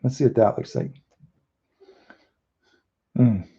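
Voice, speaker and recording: A man's voice: medium pitch, takes it slowly, mellow, lo-fi sound. A man chatting casually as he paints live, thinking aloud and correcting himself as he goes. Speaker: mural painter.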